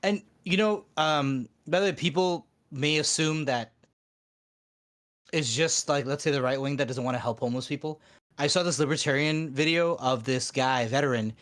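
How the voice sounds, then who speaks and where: A man's voice: on the high side, moderate pace, a bit bright. A man chatting over voice chat during a watch-along, opinionated and rambling with fillers. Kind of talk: casual group chat.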